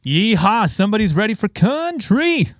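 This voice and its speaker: A man, a bassist chatting casually on a live stream, a little out of breath and greeting viewers by name. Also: lively intonation, normal speed, no echo, clean studio sound. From Los Angeles. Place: home studio. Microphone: studio microphone.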